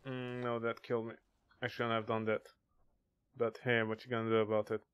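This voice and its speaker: A man's voice: mid-range voice, monotone, a little fast, smooth, dull audio. A man casually chatting on a gaming livestream, crude and joking as he reads chat aloud. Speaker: streamer.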